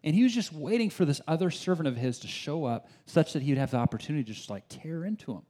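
A man preaching a sermon in a conversational, animated way, with rhetorical questions and frequent restarts. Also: fairly high pitch, quick pace. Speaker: pastor.

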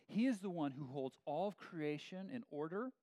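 A pastor with a fairly high voice preaches at normal speed in a conversational, animated way, restarting his sentences often. There's no echo on the recording.

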